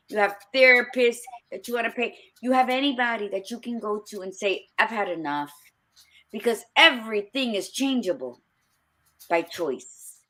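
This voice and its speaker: A woman's voice: mid-range voice, pushed and bright. A middle-aged woman co-hosting a podcast, talking bluntly and emphatically with frequent swearing. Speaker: podcast co-host. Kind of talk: casual chat.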